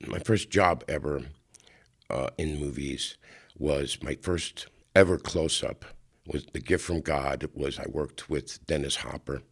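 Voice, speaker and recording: A man in his sixties with a very low voice spins loose, rambling anecdotes as an interview guest. He circles back on himself often, filling gaps with "you know" as he gets into the story. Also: unhurried, vocal fry. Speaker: guest actor.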